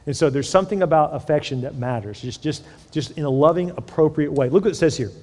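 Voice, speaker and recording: A middle-aged man preaching a sermon, talking to his congregation in a relaxed, conversational way with lively stories and repeated words. His voice sits a little high for a man. The sound rings out with the long reverb of a large church hall. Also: quick pace. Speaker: pastor.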